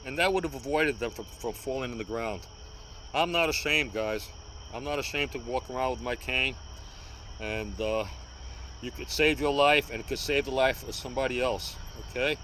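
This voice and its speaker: A man's voice: medium pitch, moderate pace, bright, forceful tone, a little hiss or hum, poor audio. A man in his sixties from New York, vlogging outdoors about cane self-defense in an earnest, repetitive, pleading way. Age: 60s. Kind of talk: casual outdoor vlog.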